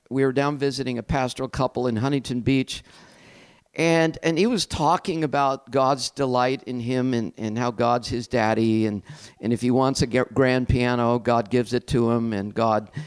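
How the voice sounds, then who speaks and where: A middle-aged man speaks as a pastor sharing a personal testimony, his pitch sitting squarely in the middle range. He tells his story candidly and reflectively, with a self-deprecating edge. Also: clear, resonant tone.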